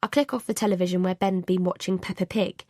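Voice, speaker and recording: A woman's voice: fairly low pitch, steady tone, fast, a little mellow, dry recording, studio quality. A woman narrating a first-person audiobook thriller in an anxious, confessional inner voice.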